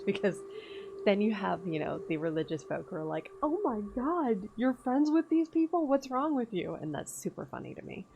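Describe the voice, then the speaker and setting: A woman's voice: sits low, creaky, background noise. A woman streamer chatting casually over gameplay, laughing often and swearing freely. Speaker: game streamer.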